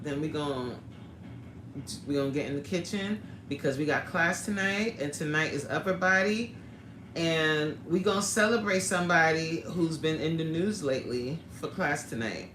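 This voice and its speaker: A woman who coaches fitness classes, hosting a casual livestream chat with her viewers in an animated, slangy way, jumping high in pitch for emphasis. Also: reverberant, a little hiss or hum. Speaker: fitness coach and channel host.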